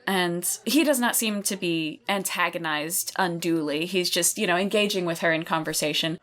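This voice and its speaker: A woman running a tabletop role-playing game, narrating scenes in a measured, descriptive way. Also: lowish voice, fairly bright tone. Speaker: game master.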